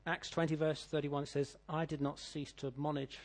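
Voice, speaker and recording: A man's voice: fairly high pitch, flat delivery, a little fast. Emphatic British preacher man, middle-aged. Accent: British English. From Britain. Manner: emphatic, swings from loud declaiming to quiet asides. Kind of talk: sermon.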